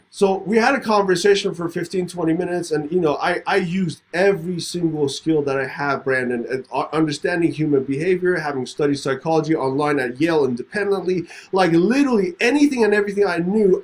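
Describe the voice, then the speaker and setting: Guy w/ hosting a podcast, pretty high voice, tells stories w/ lots of energy and acts out who said what. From Middle East. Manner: animated, acts out both sides of a story. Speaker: podcast host. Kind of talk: casual conversation, storytelling.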